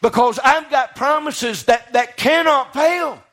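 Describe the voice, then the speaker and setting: A man's voice: extremely high pitch, slow pace, a bit bright. A man preaching a sermon in a church, rising to fervent passages and putting questions to his congregation.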